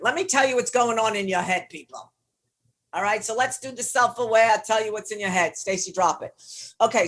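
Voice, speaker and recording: A woman's voice: fairly high pitch, fairly bright tone. A middle-aged woman coaching on leadership, teaching in a blunt, emphatic way with casual swearing. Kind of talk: motivational teaching session.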